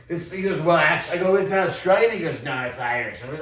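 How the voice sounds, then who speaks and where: A man from Texas telling a bar story in casual, profane podcast chat, getting loud when he quotes himself. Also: on the high side, lively intonation, quick pace, few pauses. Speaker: podcast co-host. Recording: roomy echo, distant mic.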